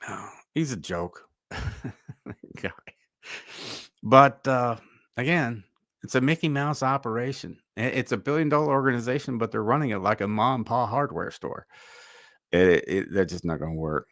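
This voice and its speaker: A man's voice: mid-range voice, lively intonation, normal speed, a bit bright, dry recording, clean studio sound. A man hosting a livestream, giving opinionated commentary in a loose, musing way. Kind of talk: casual commentary.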